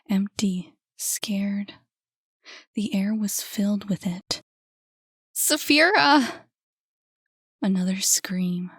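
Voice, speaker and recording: A woman narrating an audiobook in a soft, hushed voice. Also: medium pitch, breathy edge, no echo, clean studio sound. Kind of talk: scripted narration.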